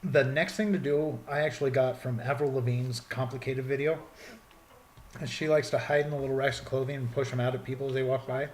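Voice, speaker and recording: A man's voice: mid-range voice, fairly even intonation, brisk, a little mellow, slight background noise. A man chatting casually and telling funny stories in a jokey, playful way. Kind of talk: casual comedic chat.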